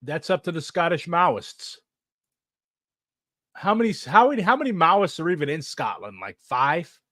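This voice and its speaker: Animated, sarcastic man answering questions. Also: on the high side, moderate pace, no echo, studio quality. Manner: animated, profane, sarcastic, laughs often. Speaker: streamer answering viewer questions. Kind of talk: casual chat.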